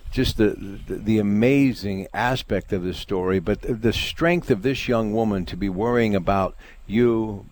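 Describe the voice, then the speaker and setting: Low-voiced radio host, earnest and stammering. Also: male voice, measured pace, a little mellow.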